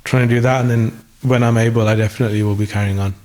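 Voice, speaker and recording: A man's voice: on the low side, fairly even intonation, very fast, darkish tone. Thoughtful man, voice recovering. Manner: thoughtful, hesitant restarts. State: voice recovering after illness. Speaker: guest musician. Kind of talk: conversational interview.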